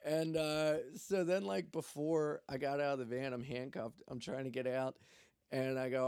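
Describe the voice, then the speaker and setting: A man's voice: medium pitch, fairly even intonation, moderate pace, darkish tone, clear, resonant tone, no echo, clean studio sound. A young man telling a story in a loose, profane, joking way. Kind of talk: casual storytelling.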